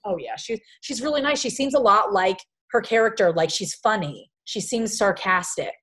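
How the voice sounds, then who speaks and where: A woman's voice: medium pitch, moderate pace, a bit bright, breathy edge. Chatty woman podcast co-host. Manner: chatty, with lots of fillers like "like". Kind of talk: casual chat.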